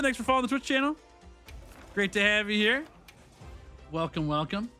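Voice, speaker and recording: A very high-pitched, sharp-toned young man talks animatedly at a moderate pace with long pauses, game music audible behind him. Hosting his stream while playing, he's chatty and upbeat, laughing a lot and greeting viewers by name.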